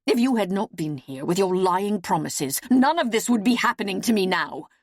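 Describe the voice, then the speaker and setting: A woman reading an audiobook, voicing a scheming, half-mad noblewoman with sharp, heated outbursts. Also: mid-range voice, big pitch swings, unhurried, no room sound, studio quality. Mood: raging.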